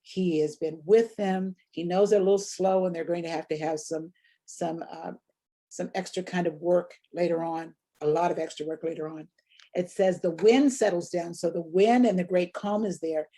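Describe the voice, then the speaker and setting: A woman's voice: on the low side, steady tone, normal speed, warm tone. A woman leading a preaching workshop, teaching sermon delivery in a reflective way and posing rhetorical questions.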